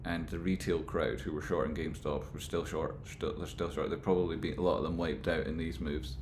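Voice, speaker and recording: A man rambling through casual stock market commentary, with animated, exasperated rants. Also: very deep voice, fairly quick, echoey room, a little hiss or hum.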